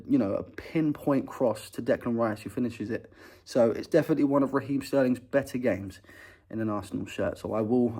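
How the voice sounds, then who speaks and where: A young man giving a casual, opinionated reaction to a football match from a small studio, with loud excited bursts. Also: on the low side. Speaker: football fan reviewer.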